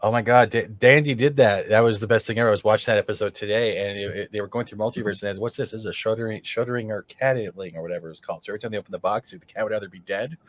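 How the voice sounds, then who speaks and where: A man's voice: lowish voice, racing, few pauses. A man co-hosting a casual online talk show, joking and teasing. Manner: jokey, slips into silly put-on drawl. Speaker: co-host. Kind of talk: casual chat.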